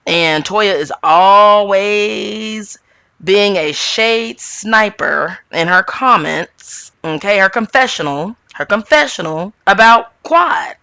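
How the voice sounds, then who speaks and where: A woman host giving a casual, opinionated recap of a reality show, animated and ranting, with sudden jumps up in pitch. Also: slow, gravelly, smooth, no echo.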